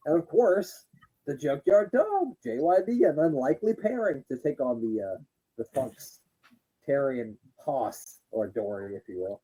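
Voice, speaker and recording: A man's voice: mid-range voice, slightly rough, rough recording. A young man co-hosting a podcast, chatting casually and laughing a lot while watching wrestling. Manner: laughing, joking, animated with crude impressions. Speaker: podcast co-host.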